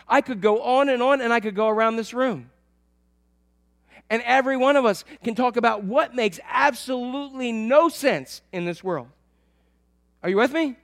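A man preaching a sermon to his church, swinging between loud emphatic lines and soft, low asides. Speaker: pastor.

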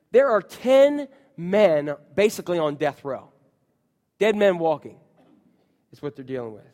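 A man preaching a sermon in a church, animated and calling out to the congregation. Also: sits high. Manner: animated, calls out to the congregation, acts out shouts. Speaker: pastor. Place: church sanctuary. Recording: long hall reverb.

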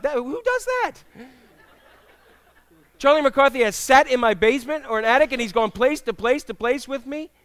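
A middle-aged male pastor preaching a sermon in a church, telling humorous stories with animated, acted-out quotes. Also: very high voice, clean tone, no echo. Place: church sanctuary with congregation.

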